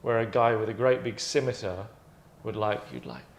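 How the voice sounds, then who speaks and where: A man's voice: fairly low pitch, big pitch swings, normal speed. A man hosting his own show, chatting in a rambling way with asides and self-corrections. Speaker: host presenting his own game idea. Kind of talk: casual monologue. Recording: echoey room.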